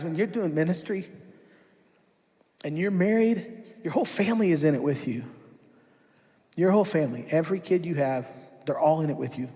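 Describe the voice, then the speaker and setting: A man's voice: fairly high pitch, a little mellow. A man giving his testimony at church, telling his story candidly and acting out his past self. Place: church hall. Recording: long hall reverb.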